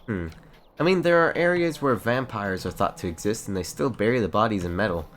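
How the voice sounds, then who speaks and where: A man's voice: lowish voice, lively intonation, fairly quick. Playful, rambling male game streamer. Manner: playful, rambling, talks to himself. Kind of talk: casual late-night game stream chat.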